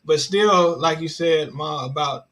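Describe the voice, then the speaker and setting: A man in a casual group discussion, speaking in a relaxed, agreeable way and filling his talk with "you know.". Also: on the high side, measured pace, low-quality recording. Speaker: discussion participant.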